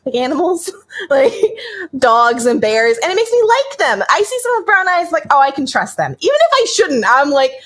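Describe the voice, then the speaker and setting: A woman's voice: sits high, sing-song, moderate pace, a bit bright. An American woman co-hosting a podcast, chatting casually in a bubbly, rambling way and laughing often. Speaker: podcast co-host. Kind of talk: casual chat on a livestreamed podcast.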